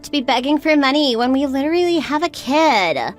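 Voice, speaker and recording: A woman's voice: high-pitched, expressive, fairly quick, soft background music. A woman voicing a stressed young mother who pleads and sounds upset. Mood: distressed.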